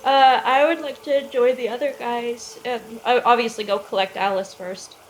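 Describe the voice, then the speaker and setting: Casting: fairly high woman, chatty tabletop player, faint noise behind. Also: steady tone, normal speed, low-quality recording. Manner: chatty, explains her choices. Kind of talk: casual tabletop role-play.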